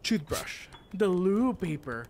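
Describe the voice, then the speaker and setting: A man's voice: high-pitched, sing-song, slow pace, slight background noise. A male streamer in casual gaming chat, playful and giggly, slipping into goofy voices. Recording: music loud behind.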